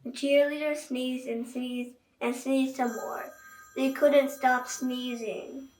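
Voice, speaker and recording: A woman's voice: high-pitched, level tone, slow pace, a little mellow, slight background noise. A woman reading a children's book aloud, chatting directly to young listeners. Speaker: children's story reader. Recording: echoey room, voice far from mic.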